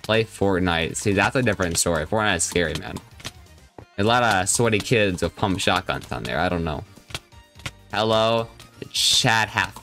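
A young man with a somewhat low voice chats casually on a game live stream. He jokes around and reads out his viewers' messages as he plays. Faint background music runs under his talk. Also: moderate pace, sharp tone. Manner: chatty, joking, reads and answers viewer chat.

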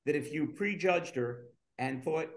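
A man's voice: a little high, measured pace. A middle-aged man co-hosting a casual chat, who talks in a rhetorical, coaching tone. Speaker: podcast co-host.

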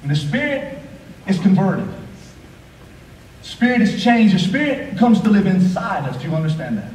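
High-voiced man preaching in an echoey hall. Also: big pitch swings, normal speed, a little hiss or hum. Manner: rhythmic, repetitive, swings from quiet asides to raised emphatic lines. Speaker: pastor. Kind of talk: sermon. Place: church sanctuary. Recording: echoey hall, voice from a distance, faint ambience.

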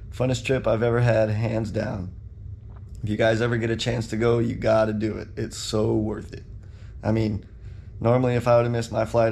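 A man's voice: mid-range voice, creaky, a little mellow. A man hosting a casual vlog, talking to the camera in an easygoing, enthusiastic, plainspoken way. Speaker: vlog host.

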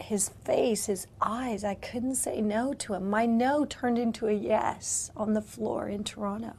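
A woman's voice: a little high, dark tone. A middle-aged woman missionary giving a spoken testimony, emotional, often dropping into whispers. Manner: emotional, drops into whispers at tender moments.

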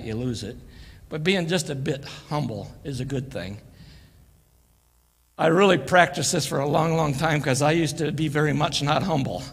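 A man's voice: fairly high pitch, vocal fry, husky. An older man giving a folksy, joking sermon as a guest preacher, acting out quoted voices. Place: church sanctuary. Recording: church live stream with long reverb.

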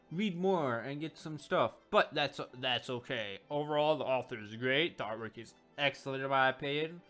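A man chatting loosely about a web comic for his video audience. His delivery is lively and full of pitch swings, and he often circles back to fix his own phrasing. Soft music runs quietly behind him. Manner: rambling, self-correcting, animated. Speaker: comic reviewer. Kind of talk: casual video commentary. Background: faint background music.

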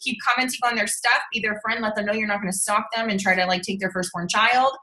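A woman's voice: mid-range voice, steady tone, fast, bright, forceful tone, poor audio. Bubbly woman coaching a sales team. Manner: bubbly, chatty, keeps checking in with "okay?". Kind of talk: casual coaching livestream.

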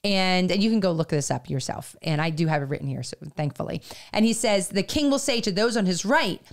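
A middle-aged woman co-hosting a faith podcast, talking in a halting, earnest way with many fillers, at times near tears. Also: on the low side, animated. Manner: halting, filler-heavy, growing emotional and earnest. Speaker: podcast co-host. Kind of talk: faith-based casual podcast talk.

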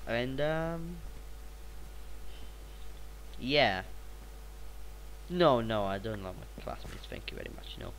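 A teenage boy, sounding a little sick, narrating his gameplay in a rambling, excitable way with sudden bursts of repeated exclamations. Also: medium pitch, slow, pauses often, slight background noise, poor audio. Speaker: gaming channel host. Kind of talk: gameplay commentary.

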